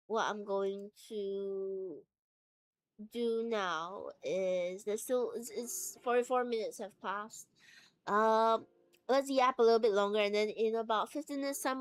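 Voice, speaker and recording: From the floor of her home, a woman VTuber talks to her livestream audience in a rambling, playful way, wandering between subjects. She speaks at a medium pitch, and the recording has no room sound.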